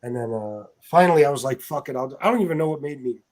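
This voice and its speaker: A man's voice: mid-range voice, animated, quick pace, a little mellow. A man hosting a casual livestream chat, talking loosely with plenty of swearing and fillers. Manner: loose and profane, with many fillers. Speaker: livestream host.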